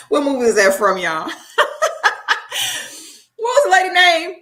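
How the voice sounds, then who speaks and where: A woman's voice: high voice, huge pitch swings, unhurried, pauses often, a bit bright. A woman vlogger who talks emphatically and preachily, checking in with "okay?" as she makes her points. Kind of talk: commentary vlog.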